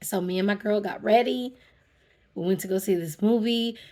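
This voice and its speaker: A woman who works as a therapist talks to camera in a casual, animated way, telling a personal story. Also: mid-range voice, moderate pace. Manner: animated, conversational, acts out her own reactions. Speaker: vlogger.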